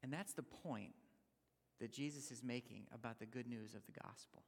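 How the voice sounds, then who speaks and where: A man preaching as a guest speaker, emphatic, swinging between loud points and near-whispers. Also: medium pitch, normal speed, creaky. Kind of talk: sermon. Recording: long hall reverb.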